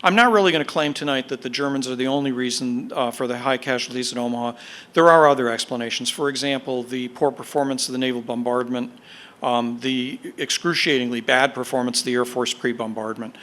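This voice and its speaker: Bright-voiced man giving a history lecture. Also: mid-range voice, steady tone. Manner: explanatory, measured, with fillers and emphatic stresses. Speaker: guest speaker, military historian. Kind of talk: podcast lecture. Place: lecture audience.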